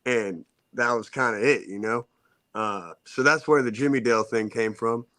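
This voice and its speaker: A man's voice: mid-range voice, normal speed, dry recording. A man, co-hosting a talk show and telling a story in casual chat, acting out the other people's voices as he goes. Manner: animated storyteller, acts out quoted voices. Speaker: podcast co-host telling a story.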